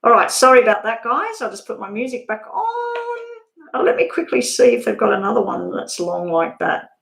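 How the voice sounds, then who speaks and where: A woman's voice: on the high side, huge pitch swings, normal speed, vocal fry. A woman doing a live-stream tarot reading, chatting casually with viewers and laughing often. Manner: casual, swears now and then. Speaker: tarot reader. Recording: roomy echo.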